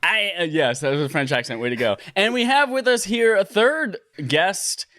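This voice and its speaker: A man's voice: high voice, animated, moderate pace, bright, forceful tone, no echo. Dude hosting a gaming podcast from his living room, jokey and sweary, dry close sound. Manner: loose, joking, swears freely. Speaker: podcast host. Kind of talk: casual gaming podcast chat.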